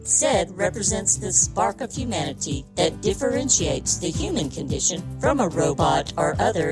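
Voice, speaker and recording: A woman's voice: fairly low pitch, low-quality recording. A woman playing an upbeat announcer reading a mock sponsor commercial in an audio drama, salesy and enthusiastic. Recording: announcer over loud music.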